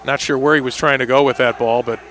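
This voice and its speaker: A man doing live play-by-play commentary on an indoor soccer match, with quick calls that rise sharply on big plays. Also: medium pitch, steady tone, fairly bright tone, slight background noise.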